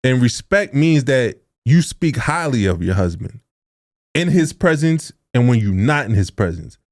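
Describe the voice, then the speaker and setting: A man's voice: medium pitch, big pitch swings, a little slow, a little mellow. Young adult man, podcast co-host; earnest, informal, a touch preachy. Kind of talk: casual podcast talk.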